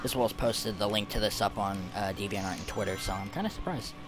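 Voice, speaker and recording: A man casually commenting while he plays a video game on stream, chatty and quick to laugh. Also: lowish voice, over music. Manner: laid-back, chatty, laughs easily.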